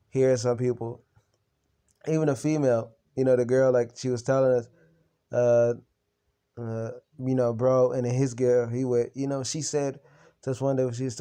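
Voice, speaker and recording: A man's voice: medium pitch, warm tone, clean tone. A young man venting in an unscripted vlog, telling a heated story full of blunt slang and swearing. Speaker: vlogger on recovery from narcissistic abuse. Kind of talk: unscripted personal venting to camera.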